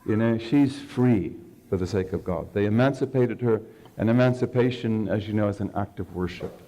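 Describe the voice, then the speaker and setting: An older man giving a religious lecture to an audience, telling stories in an animated way and asking listeners questions. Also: on the low side, normal speed, poor audio. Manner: storytelling, animated, acts out quoted speech.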